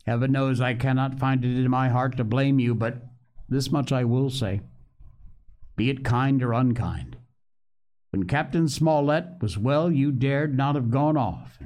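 A man's voice: medium pitch, unhurried, darkish tone, lightly acted. A man voicing an earnest older ship's doctor, stern yet kindly, with urgent pleading bursts.

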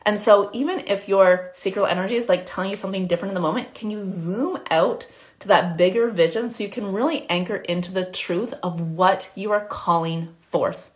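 A woman coaching listeners on a live spiritual talk. Her speech is quick and chatty and full of fillers, and her voice sits at a middle pitch for a woman. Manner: fast, chatty, many "like" fillers, acts out inner voices.

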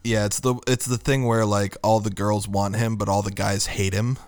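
A man hosting a casual podcast, leading the discussion in a relaxed way and laughing often. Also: fairly low pitch, moderate pace, no echo. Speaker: podcast host.

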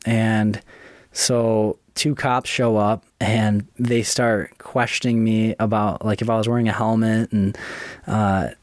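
A young man casually telling his own story, profane and chatty, with quick asides. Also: on the low side, level tone, no room sound, studio quality.

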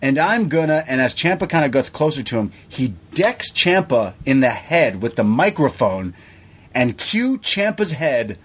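A man co-hosting a podcast, retelling events in a casual, animated way and acting out what people said. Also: mid-range voice, a little slow, slight background noise. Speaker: podcast co-host. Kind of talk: casual recap chat.

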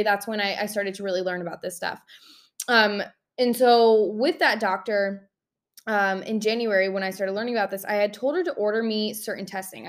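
A young woman talks straight to camera about her own experience, in a mid-pitched voice for a woman. She is chatty and frank, leans on fillers, and lets emotion and the occasional swear word slip in. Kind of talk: candid personal storytime.

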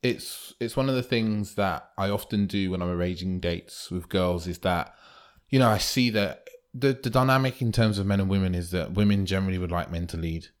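A man's voice: low voice, a little fast. A man co-hosting a podcast, chatting casually and acting out quoted lines. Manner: animated, acts out quoted lines. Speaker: podcast co-host.

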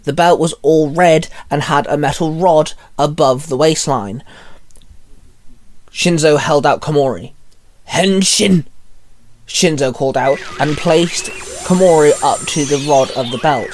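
Man reading a story aloud, high-ish voice. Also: measured pace. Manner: plain reading with small stumbles. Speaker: narrator reading fan fiction. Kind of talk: storybook narration with light character voices.

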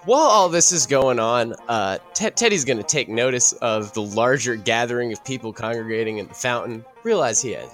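A man's voice: mid-range voice, animated, brisk, hardly any pauses, a bit bright. A man playing in a tabletop game, describing his character's actions in a hesitant, casual way. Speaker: player. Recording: clear background music.

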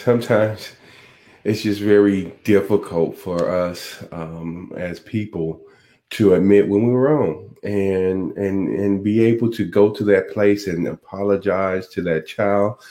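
A man hosting a podcast, giving slow, folksy, faith-based reflections with many pauses and fillers. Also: sits low, warm tone. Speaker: podcast host.

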